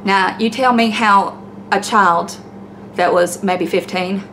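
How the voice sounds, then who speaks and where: A woman's voice: medium pitch, fairly even intonation, takes it slowly, a bit bright, slight background noise. A middle-aged woman with a Southern accent, ranting blunt commentary in a home vlog, preachy and fired up, with some cursing. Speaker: YouTube commentator. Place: home, by the laundry.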